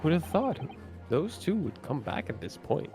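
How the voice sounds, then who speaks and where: A man's voice: on the high side, very animated, normal speed, over music. A man co-hosting a game playthrough, reading dialogue aloud between playful chat and frequent laughs. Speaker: let's play co-host.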